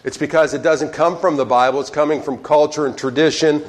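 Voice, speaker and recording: A man preaching a sermon, telling a joke with lively storytelling and asking the congregation questions, often adding "okay?". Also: fairly high pitch, fairly quick. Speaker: pastor.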